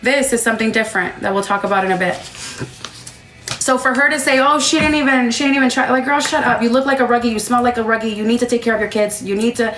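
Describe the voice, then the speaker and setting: A woman's voice: a little high, quick pace, fairly bright tone. A woman telling her story to chat on a livestream, blunt and casual. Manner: blunt, talks straight to chat. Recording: roomy echo, faint music.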